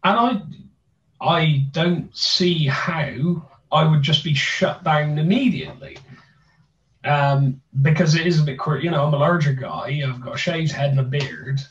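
Bristol lad rambling on a podcast, thick accent, slightly high voice, dull lo-fi sound. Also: male voice, unhurried, a bit bright, slight background noise. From Bristol, England. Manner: rambling, hesitant, many restarts and fillers. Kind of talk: casual chat. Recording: roomy, distant, dull sound.

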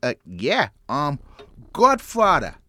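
A woman's voice: sits low, huge pitch swings, pushed and bright, full character voice. A woman voicing a hesitant young boy scout in a radio comedy sketch. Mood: timid. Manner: hesitant, halting. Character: timid boy scout godson.

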